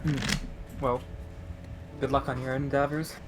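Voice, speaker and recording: A man playing his character in a tabletop role-play, speaking haltingly and laughing off his own remarks. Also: mid-range voice, flat delivery. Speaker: player. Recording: noisy background hiss.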